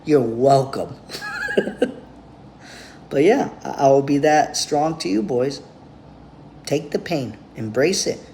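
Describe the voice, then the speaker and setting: A man's voice: on the high side, big pitch swings, takes it slowly, creaky, long pauses, darkish tone, a little hiss or hum. Blunt, foul-mouthed man ranting. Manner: blunt, profane, rambling. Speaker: vlogger. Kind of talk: direct-to-camera monologue.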